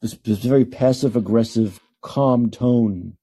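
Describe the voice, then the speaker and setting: A man's voice: medium pitch, measured pace, mellow, husky. A man hosting a call-in podcast, ranting emphatically and repeating himself for effect. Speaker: podcast host.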